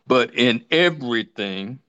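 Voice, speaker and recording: A man preaching a sermon, fervent, often calling out hallelujah and slowing down to stress scripture. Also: medium pitch, lively intonation, pushed and bright, no echo. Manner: fervent, repeats hallelujah, stretches scripture words slowly. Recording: dull lo-fi sound.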